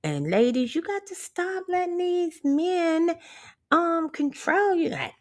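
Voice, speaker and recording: Speaking slowly in a very high voice that swings widely in pitch, this woman vlogger delivers a casual empowerment rant right to her audience. She's sassy, swears bluntly, and laughs a lot.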